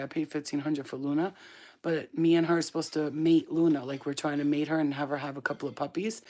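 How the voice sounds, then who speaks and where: A woman's voice: sits low, a little mellow. A woman in her thirties chatting casually, cursing freely and laughing often, teasing her dog. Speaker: vlogger. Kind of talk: casual chat.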